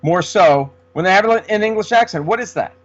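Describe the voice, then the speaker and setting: A man's voice: high-pitched, expressive, moderate pace. Rambling man, lo-fi. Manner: rambling, many restarts. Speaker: podcast co-host. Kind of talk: casual sports chat. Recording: dull lo-fi sound.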